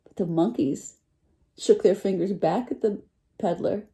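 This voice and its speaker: A woman teacher reading a picture book aloud to children, animated and full of questions for her listeners. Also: medium pitch, a little slow. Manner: animated, asks listeners questions, lively voice swings.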